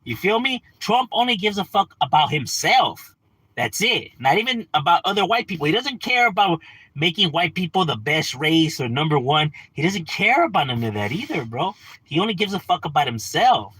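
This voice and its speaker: A man's voice: fairly high pitch, very animated, moderate pace, fairly bright tone, slightly rough, dry recording, poor audio. A young adult man ranting bluntly and profanely on a livestream, tossing out rhetorical questions. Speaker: livestream host.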